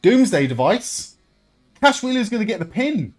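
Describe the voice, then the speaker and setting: An excitable young man calls out the action in a lively, swooping voice that sits a little high for a man. He swears freely and laughs often, with faint music playing underneath. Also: moderate pace. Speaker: streamer hosting a wrestling watch-along. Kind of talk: live reaction commentary and chat.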